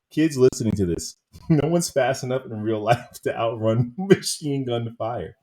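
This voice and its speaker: A man talking about films in a relaxed chat with friends, with a lively voice that swings up and down. He laughs a lot and slips into little acted-out quotes. His pitch sits in a middle range. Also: moderate pace. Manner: animated, laughs often, acts out quotes. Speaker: podcast co-host. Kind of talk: casual movie review chat.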